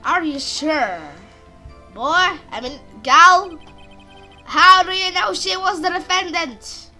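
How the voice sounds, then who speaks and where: An indignant young defense lawyer voiced by a woman in a game dub, close to her own voice. It is high and bright, with an unhurried, casual delivery. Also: very animated, faint music behind, heavily acted.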